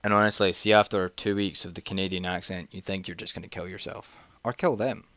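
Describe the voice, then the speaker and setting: A man's voice: low-pitched, fairly even intonation, a little fast, pushed and bright, dry recording. A man, telling a jokey, rambling story in a casual vlog while playing a video game and getting sidetracked. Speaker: vlogger.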